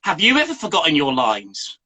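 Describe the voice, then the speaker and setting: Bright-voiced playful chat show host. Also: male voice, a little high, huge pitch swings, fairly quick. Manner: playful, teasing interviewer. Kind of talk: casual chat on a live stream.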